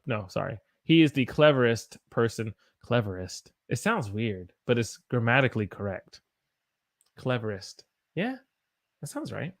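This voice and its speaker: An American man leads a live English lesson, stretching words out and repeating them so learners can follow. He speaks at a very unhurried pace, his pitch sitting in a middle range for a man, as he reads chat questions aloud and answers them. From United States. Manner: slow, drawn-out spelling and repetition of words for learners. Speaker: English teacher.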